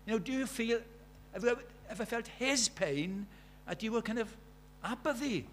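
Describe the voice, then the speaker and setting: A man with a South Welsh accent preaching a sermon, earnest, moving from loud emphasis to hushed storytelling. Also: very high-pitched, expressive, moderate pace, a little hiss or hum. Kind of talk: sermon with personal stories.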